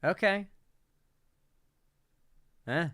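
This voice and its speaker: A man's voice: high-pitched, expressive, extremely slow, bright, forceful tone. A man streaming casual political reaction commentary, rambling and swearing with incredulous asides.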